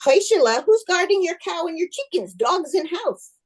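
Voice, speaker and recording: A woman voicing an old, wise male village rabbi who speaks in broken English with unhurried confidence. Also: very high voice, big pitch swings, pitched above the performer's own voice. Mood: scolding.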